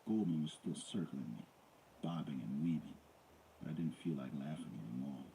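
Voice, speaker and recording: A man's voice: rumbling low, moderate pace, creaky, dark tone, a little hiss or hum, low-quality recording. A man reading a first-person story aloud in a dramatic, intense manner. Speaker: audiobook reader.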